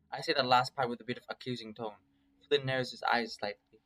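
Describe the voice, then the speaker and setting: A man reading a visual novel aloud in a casual, first-person way, swearing freely and breaking off for quick asides. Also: medium pitch, fairly even intonation, pushed and bright, poor audio. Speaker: story reader.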